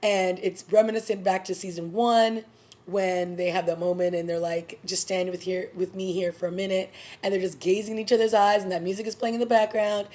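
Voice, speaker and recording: A woman's voice: medium pitch, flat delivery, brisk, a little mellow. A woman in her thirties chatting casually through a TV episode review, exclaiming and acting out quotes. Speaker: TV recap vlogger.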